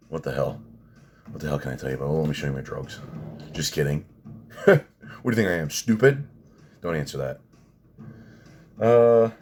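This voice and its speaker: A man's voice: extremely low pitch, a little mellow. A man in his thirties ranting sarcastically in a casual vlog, swearing often. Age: 30s. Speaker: vlogger.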